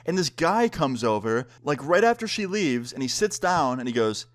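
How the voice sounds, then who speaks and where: A man's voice: on the high side, sing-song, normal speed. A young man casually telling a personal story, acting out the lines of the people in it. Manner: laid-back, acts out quotes of friends.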